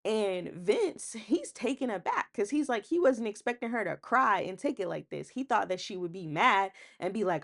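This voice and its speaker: A chatty woman talks straight to her viewers, recapping a reality show. She laughs often and slips into quick impressions of what people said, keeping it loose and casual. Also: mid-range voice, animated. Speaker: YouTube recap host.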